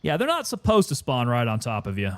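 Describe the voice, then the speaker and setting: A man casually commenting while he plays a game and chats with viewers, relaxed and sometimes winded. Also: medium pitch, fairly quick. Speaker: gaming streamer.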